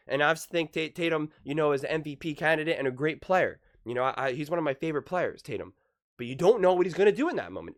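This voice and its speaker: A man with a sore, worn voice gives casual basketball commentary. He is excitable and emphatic, and he often restarts and repeats his points. His pitch sits in a middle range. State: sore voice from screaming.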